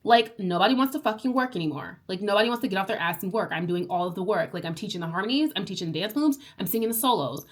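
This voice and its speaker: A woman's voice: medium pitch, animated, quick pace, few pauses, close to an everyday voice. A woman quoting a frustrated nine-year-old girl who complains about doing all the work, in an exasperated, swearing rant.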